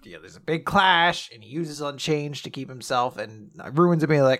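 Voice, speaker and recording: A man casually recapping a story with animated delivery, laughing often and acting out the characters. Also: on the high side, moderate pace, few pauses.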